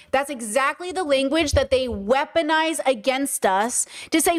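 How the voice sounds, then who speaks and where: A woman hosting a livestream talks to her chat in a high voice at a moderate pace with few pauses. She comments earnestly and passionately, in a lecturing manner.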